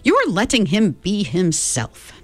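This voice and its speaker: A woman voicing an eccentric, cheerful old woman tramp with a creaky voice like an unoiled gate, drawn out and fond. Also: medium pitch, wildly swooping pitch, dry recording, soft background music, voice pushed up, full character voice. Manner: fond, chattering, slow and drawn out.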